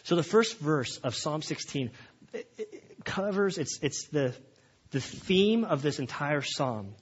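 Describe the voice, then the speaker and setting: Male pastor, fairly high husky voice, earnest sermon delivery, muffled lo-fi sound. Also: very animated, takes it slowly. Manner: earnest, rising to emphatic, with frequent restarts.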